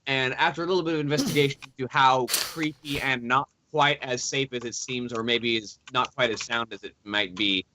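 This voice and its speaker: A man running a tabletop game as dungeon master, recapping the story with hesitant pauses and fillers over an online call. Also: medium pitch, steady tone, bright, forceful tone, a little hiss or hum.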